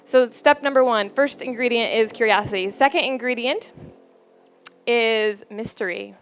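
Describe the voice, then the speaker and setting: A woman giving a storytelling talk to a live audience about relationships, playful and laughing often, with dramatic pauses. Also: on the high side, a little hiss or hum.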